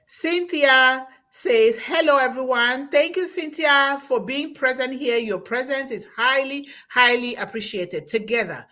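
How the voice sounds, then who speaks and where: High-voiced woman hosting a live webinar. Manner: effusive, warm thanks, reads comments aloud slowly. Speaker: host reading audience comments. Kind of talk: live online webinar talk.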